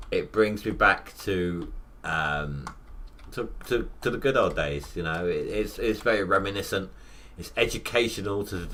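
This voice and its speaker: A man's voice: sits low, a bit bright. A man in his thirties, rambling through casual live gameplay commentary with self-mocking asides. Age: 30s. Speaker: gaming livestreamer.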